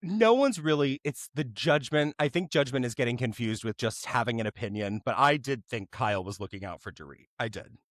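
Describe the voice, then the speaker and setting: A man's voice: medium pitch, animated, a little fast, hardly any pauses, dry recording, clean studio sound. A man co-hosting a podcast, giving witty, opinionated commentary with mocking asides. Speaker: podcast co-host. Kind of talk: casual chat.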